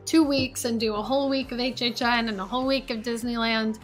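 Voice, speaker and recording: A woman with a somewhat high voice co-hosts a relaxed chat. She talks in an easygoing, chatty way, and soft music plays faintly in the background. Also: a little fast. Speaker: co-host. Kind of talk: casual podcast chat.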